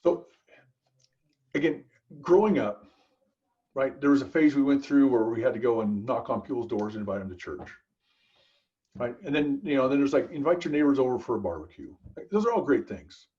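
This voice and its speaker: A man holds forth as a podcast guest, swinging his voice up and down with lively, emphatic energy. He talks in a preachy, storytelling way, tossing in casual asides. The recording sounds a bit dull and muffled. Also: mid-range voice, fairly quick. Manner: emphatic, preachy, frequent "dude" and "right?". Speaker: podcast guest, business consultant. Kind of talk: animated conversational storytelling.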